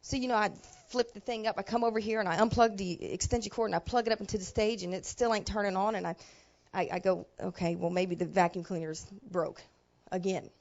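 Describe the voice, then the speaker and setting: A woman pastor telling a personal story in a sermon, talking in a plain, colloquial way that drops to quiet asides and rises to loud emotional bursts. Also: mid-range voice, fairly even intonation, fast, few pauses, lo-fi sound. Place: church sanctuary.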